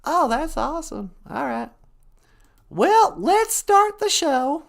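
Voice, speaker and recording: Giggly and playful, this Minnesota woman stretches out her words while co-hosting a laid-back livestreamed podcast. She pitches high, with big swings in pitch and some vocal fry.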